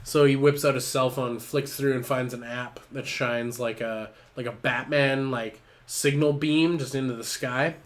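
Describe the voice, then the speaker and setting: A man's voice: medium pitch, steady tone, unhurried, few pauses. Rambling, cursing man on a stream. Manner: rambling, swearing, laughing often. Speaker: livestreamer building toy bricks. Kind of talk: casual improvised storytelling.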